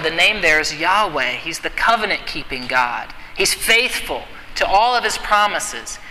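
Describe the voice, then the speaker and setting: High bright-voiced man preaching in a hall. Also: slight background noise. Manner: earnest exhortation, repeating key phrases. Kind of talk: sermon. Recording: long hall reverb, faint ambience.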